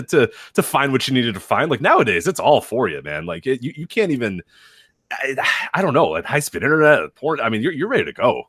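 A man's voice: mid-range voice, fairly bright tone, slightly rough, no room sound, clean studio sound. A man in his thirties co-hosting a podcast, chatting casually in a rambling way and laughing often. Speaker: podcast co-host. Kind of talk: casual chat.

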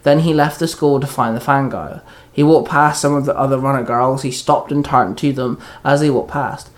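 A man reading a fan-fiction story aloud in a plain, steady way with small slips. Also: medium pitch, moderate pace. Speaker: reader.

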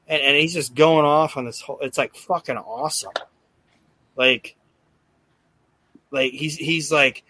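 A man hosting a podcast, retelling events in an animated, casual way and acting out quotes, swearing freely. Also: mid-range voice, unhurried, no echo. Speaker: podcast host recapping wrestling. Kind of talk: casual chat.

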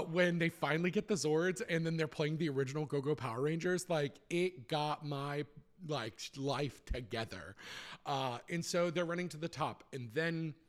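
A man hosting a podcast, recapping and reviewing in an animated, gushing way with lots of fillers. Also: on the high side. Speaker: podcast host.

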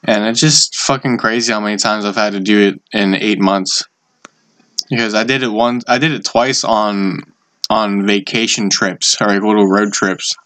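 A man's voice: fairly low pitch, steady tone, moderate pace, fairly bright tone. A young man co-hosting a casual podcast, talking bluntly and swearing a lot. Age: young adult. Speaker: podcast co-host. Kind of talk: casual chat.

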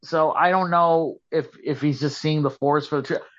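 Man, podcast co-host, casual chat, rambling, skeptical, slightly high voice, muffled lo-fi sound. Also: fairly even intonation, normal speed. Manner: rambling, restarts often, skeptical. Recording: dull lo-fi podcast audio.

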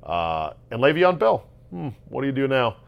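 A man hosting a solo sports talk show, ranting sarcastically about football results and jumping between loud outbursts and low muttering. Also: very animated, moderate pace, vocal fry, smooth, lo-fi sound. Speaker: sports podcast host. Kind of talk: casual solo sports commentary.

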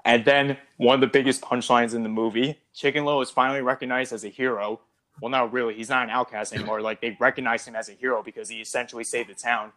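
A man's voice: medium pitch, little pitch movement, quick pace, a bit bright. A man co-hosting a casual podcast about a film, talking it through and acting out character lines in a raised voice. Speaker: podcast co-host. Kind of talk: casual movie discussion.

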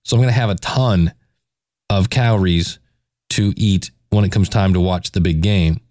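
A man's voice: deep voice, normal speed, a little mellow, dry recording, studio quality. A man in his forties hosting a casual solo podcast, talking in a self-deprecating, joking way. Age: 40s. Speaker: podcast host.

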